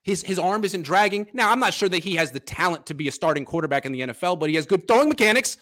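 A man's voice: sits high, expressive, fast, fairly bright tone. A man hosting a casual sports podcast, animatedly breaking down football film and chatting with his father. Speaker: podcast host.

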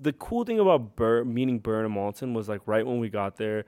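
A man's voice: medium pitch, a little fast, no echo. Young guy w/ a cali accent telling stories on a podcast, lots of likes and laughs, dry close studio sound. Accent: Californian. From Thailand and California. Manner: animated, laughs often, many "like" fillers. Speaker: podcast guest, rapper. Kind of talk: casual storytelling.

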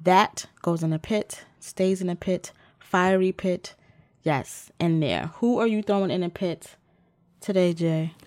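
A woman's voice: on the low side, measured pace, a little mellow. A woman co-hosting a podcast in casual chat, blunt, profane and joking. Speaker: podcast co-host.

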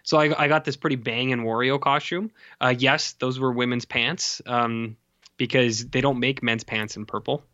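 A man's voice: mid-range voice, steady tone, normal speed, bright, forceful tone, dry recording. A man co-hosting a casual chat, rambling and joking with many fillers. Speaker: podcast co-host. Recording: dull lo-fi dry recording.

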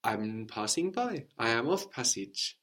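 A man's voice: medium pitch, expressive, a little slow, fairly bright tone. A man teaching a French lesson, explaining patiently and repeating each phrase for his student. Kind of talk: language lesson.

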